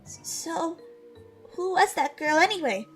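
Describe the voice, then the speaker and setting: A woman's voice: very high-pitched, animated, measured pace, fairly bright tone, soft background music, pitched above the performer's own voice, full character voice. A woman voicing a timid, nervous young friend who stammers.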